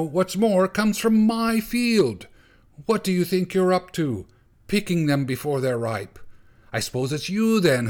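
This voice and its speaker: A man voicing a hot-tempered young male cellist in a storybook reading, with a raised, blustering voice. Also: a little high. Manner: shouting, blustering.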